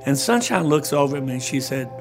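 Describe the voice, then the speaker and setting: An older man, a pastor telling a personal testimony in an interview, earnest and halting, often repeating his words. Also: a little high, lively intonation, gravelly, soft background music.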